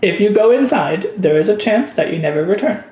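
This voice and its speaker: A man's voice: high-pitched, lively intonation, a little fast, darkish tone. A man running a tabletop role-playing game as game master, explaining rules and often laughing. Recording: roomy echo.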